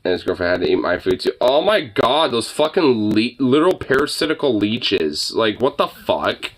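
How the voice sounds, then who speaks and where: A man's voice: mid-range voice, very animated, normal speed. A young man in casual chat, rambling, laughing and swearing freely. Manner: cooing baby talk to a dog.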